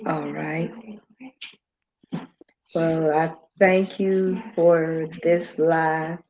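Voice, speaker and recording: A woman hosting a podcast livestream with her sibling, talking slowly and emotionally about their late father. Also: low-pitched, little pitch movement, a little mellow. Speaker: podcast host. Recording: dull lo-fi livestream audio with faint noise.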